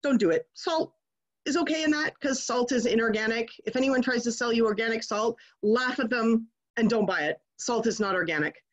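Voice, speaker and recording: A woman's voice: on the high side, fairly quick. A woman giving a casual online class, talking in a chatty, digressive way that slips into rants. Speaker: class presenter. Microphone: video call.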